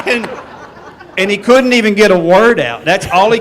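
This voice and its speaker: Man, slightly high voice, lively storytelling, laughs as he goes. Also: normal speed. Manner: animated anecdote-telling, laughing at his own story. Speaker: former player telling a team story. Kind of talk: storytelling at a reunion panel.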